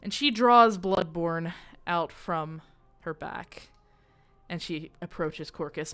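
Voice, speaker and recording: A woman's voice: lowish voice, animated, unhurried, fairly bright tone. A woman runs a tabletop game as game master, narrating the scene in a casual way. She curses freely and keeps the tone loose, with faint music under her voice.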